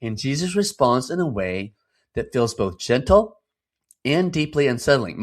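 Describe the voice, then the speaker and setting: A man's voice: mid-range voice, sing-song, measured pace. A man in his fifties hosting a devotional podcast, teaching in an earnest, emphatic way and putting rhetorical questions to the listener. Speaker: podcast host.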